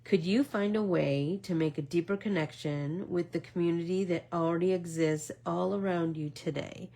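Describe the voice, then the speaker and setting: A middle-aged woman vlogger chatting casually as she makes art, telling a rambling story with many fillers and now and then dropping to a soft whisper. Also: fairly low pitch, fairly even intonation, moderate pace, vocal fry. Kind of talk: casual chat while making art.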